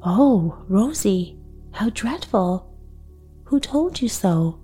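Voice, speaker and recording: A woman voicing a sweet, frail young girl in a bedtime storybook reading, speaking softly and gently. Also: mid-range voice, big pitch swings, extremely slow, slightly rough, soft background music, exaggerated voice. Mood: dismayed.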